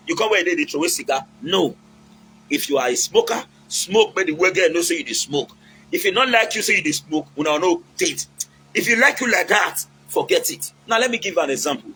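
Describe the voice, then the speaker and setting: A man's voice: high voice, animated, a little fast, sharp tone, slight background noise, rough recording. A man with a Nigerian accent giving casual, preachy relationship advice, mixing in Pidgin and acting out quotes.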